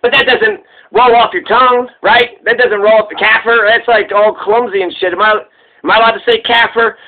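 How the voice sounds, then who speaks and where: A man's voice: high-pitched, steady tone, brisk. A man rambling in a casual, profane and joking way while he comments on a comedian. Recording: tinny phone-like sound.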